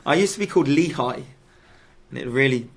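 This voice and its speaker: A man, a footballer guest in a radio studio, chatting casually and haltingly with many restarts and fillers. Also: mid-range voice, animated, vocal fry. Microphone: studio microphone.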